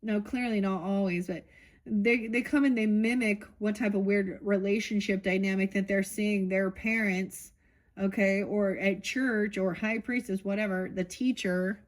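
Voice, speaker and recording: A woman's voice: medium pitch, steady tone, a little slow. A middle-aged woman doing a casual tarot reading, thinking aloud, rambling and swearing offhandedly. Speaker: tarot reader.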